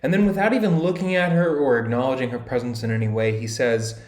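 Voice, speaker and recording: A man's voice: medium pitch, fast talker, darkish tone. Casual man summarizing a novel, echoey. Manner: conversational, paraphrases scenes in modern slang. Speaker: literature explainer. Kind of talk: casual chapter summary with read-aloud quotes. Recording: echoey room.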